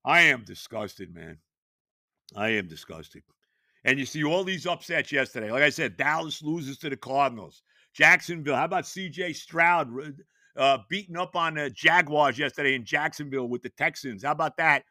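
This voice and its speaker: High, shouting, sharp-voiced older man. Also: a little fast, no room sound. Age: 70s. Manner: exasperated, shouting, stammering. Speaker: podcast host. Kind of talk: ranting sports talk.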